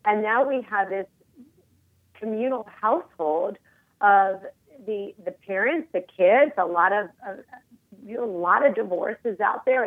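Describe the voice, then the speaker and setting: A woman in her forties, a guest on a phone interview, talking in an emphatic, animated way. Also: mid-range voice, no echo. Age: 40s. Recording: tinny phone line, dry.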